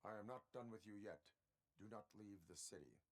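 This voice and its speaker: A rigid cyborg lawman voiced by a man for a video game, with a very deep voice. He speaks formally and in clipped phrases, yet his pitch rises and falls widely. Methodical and emotionless in his wording. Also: expressive, moderate pace, natural voice. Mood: flat commanding. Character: stern cyborg male police officer, methodical. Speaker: game character.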